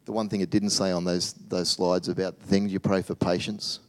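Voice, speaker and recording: A man preaching a sermon as pastor, swinging between loud animated bursts and hushed, tender asides. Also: low voice, normal speed.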